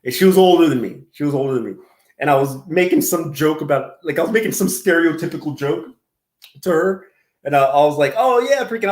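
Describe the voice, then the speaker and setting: A man with a slightly higher voice chats loosely through his commentary, wandering off into stories and laughing at himself. The room around him rings with echo. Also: a little mellow. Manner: rambling, self-deprecating, laughs often. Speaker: commentary channel host. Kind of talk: casual reaction commentary.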